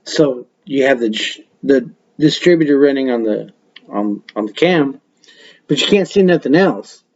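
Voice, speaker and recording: In an unhurried, expressive way, a male podcast host tells meandering stories peppered with swearing and laughs. His voice is medium in pitch with a darkish tone, and the webcam-mic recording sounds lo-fi.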